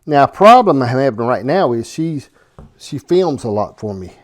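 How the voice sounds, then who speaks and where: A man's voice: mid-range voice, very animated, normal speed. A man hosting a cooking show from his home kitchen, chatting casually and joking with the person filming him. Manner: folksy, joking, keeps asking "okay?". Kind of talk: casual kitchen chat to camera.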